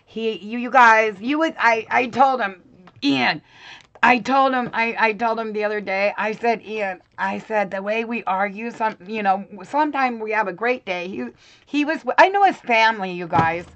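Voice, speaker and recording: A woman's voice: on the high side, normal speed, a bit bright, dull audio. A middle-aged woman hosting a casual live chat from her home craft room, laughing often and talking to viewers by name. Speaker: craft channel host.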